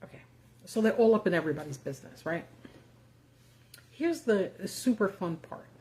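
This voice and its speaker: This woman's mid-range voice is warm, with lively intonation and normal speed. She's hosting a live video, chatting casually and sarcastically, dropping plenty of fillers and an occasional curse.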